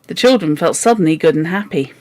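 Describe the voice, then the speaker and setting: A woman's voice: lowish voice, lively intonation, quick pace, darkish tone, no echo. A woman reading a children's novel aloud for a book club, with wry, joking asides.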